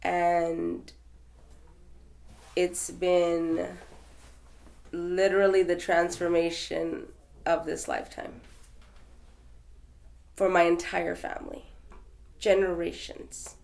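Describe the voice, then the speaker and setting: A woman's voice: on the low side, little pitch movement, takes it slowly, creaky, pauses often, a little mellow. A woman from Texas telling her story as an interview guest, in a rambling, conversational way with fillers and restarts. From Texas, USA.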